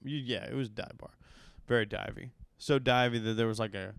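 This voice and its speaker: A man's voice: medium pitch, fairly even intonation, fairly quick, creaky, smooth, no echo. A man, a comedian hosting his own podcast, telling a rambling, profane story and getting worked up as he goes. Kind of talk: casual storytelling monologue.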